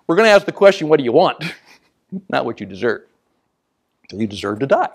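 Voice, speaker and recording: A man giving a storytelling business talk as a motivational speaker, animated and laughing at his own stories, dropping to a hushed whisper to make a point. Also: mid-range voice, brisk, pauses often, husky.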